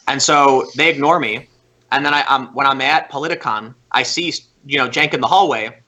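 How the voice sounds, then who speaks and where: A young man who is a podcast guest, telling a story in casual chat. He talks in an animated way, with many fillers and restarts. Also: mid-range voice, brisk.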